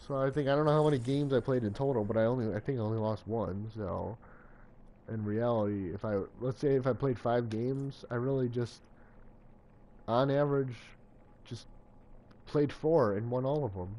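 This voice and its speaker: A young man streaming a video game, chatting casually and bursting into loud cheers, a little out of breath. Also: medium pitch, normal speed. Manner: excitable, swings from calm to loud cheering. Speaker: gaming live streamer. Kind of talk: casual live stream commentary.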